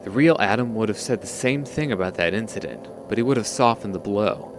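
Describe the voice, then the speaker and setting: Male reader doing a tough woman bounty hunter, quiet and measured, lowish. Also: lively intonation, background noise, lightly acted. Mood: reflective. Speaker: reading game dialogue aloud.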